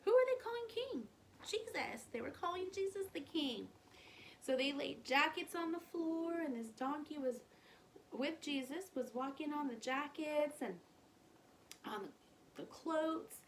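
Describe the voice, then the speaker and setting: Woman, higher voice, sing-song children's storyteller, faint hiss behind. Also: unhurried. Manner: animated, sing-song, asks the listener questions.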